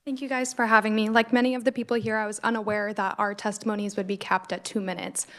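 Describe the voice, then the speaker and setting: A woman testifying before a committee, presenting data in a measured way. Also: medium pitch, level tone, a bit bright. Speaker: witness presenting survey data. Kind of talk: public testimony.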